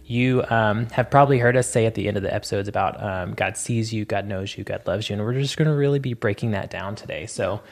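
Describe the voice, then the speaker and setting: A man's voice: fairly low pitch, quick pace, creaky, few pauses. A man co-hosting a faith podcast, a stage performer reflecting in a rambling, hesitant way. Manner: rambling, lots of fillers and restarts, reflective. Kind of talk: casual reflective podcast chat.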